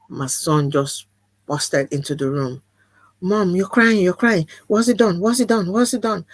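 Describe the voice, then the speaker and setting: A woman with a fairly low pitch is heard in a dry recording. She's a guest in a candid video-call conversation, speaking earnestly and emphatically and often repeating phrases for weight.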